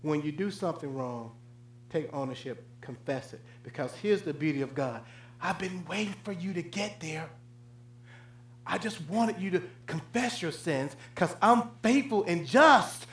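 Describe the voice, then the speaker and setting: A male pastor preaching a sermon, swinging between loud, raised declarations and low, hushed asides. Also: expressive, unhurried, reverberant.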